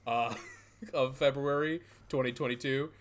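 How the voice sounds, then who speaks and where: A man hosting a casual comedy podcast, animated and laughing, with mocking, profane asides. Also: mid-range voice, a little slow. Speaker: podcast host.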